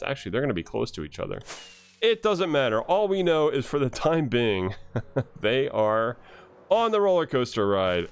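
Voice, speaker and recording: A man's voice: medium pitch, clean tone. A man commentating his own gameplay in a mid-range voice, jumpy and easily rattled, fretting aloud and cheering small wins. He talks straight into a desk mic over a faint bed of music. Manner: nervous, excitable, talks to himself and the game animals. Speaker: Minecraft let's player.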